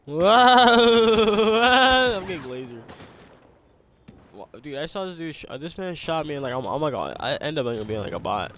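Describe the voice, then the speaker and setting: A young man casually commenting on his own gameplay, excitable and slangy, repeating lines and yelping when he gets attacked. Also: medium pitch, fairly quick, a little hiss or hum. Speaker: gamer.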